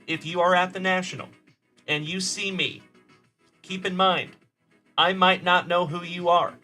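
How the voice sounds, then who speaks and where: Livestream host, male, friendly and upbeat, with a bright, forward tone. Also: sits high, fairly even intonation, a little slow, faint music behind. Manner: upbeat and friendly, calling viewers buddy and brother. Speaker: host of a card-breaking livestream. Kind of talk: live stream chat, reading viewer comments.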